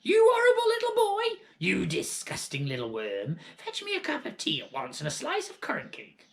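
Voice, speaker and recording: A man voicing a bad-tempered, bossy old grandmother who screeches and yells in a very high voice. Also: huge pitch swings, moderate pace, creaky, exaggerated voice. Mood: furious. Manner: screeching, yelling.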